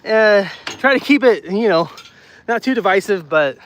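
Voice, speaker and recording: A man's voice: high voice, lively intonation, moderate pace, fairly bright tone, a little hiss or hum. A man chatting casually with his live viewers while walking outdoors, out of breath, talking loosely and repeating himself into a phone mic. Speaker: streamer doing a walking livestream. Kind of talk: casual chat reading live comments. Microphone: phone mic, no external mic.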